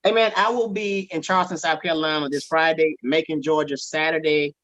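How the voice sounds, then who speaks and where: A comedian, joking around in casual chat on an online show. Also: male voice, on the high side, steady tone, brisk, fairly bright tone, no room sound. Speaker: comedian guest. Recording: dull online call audio.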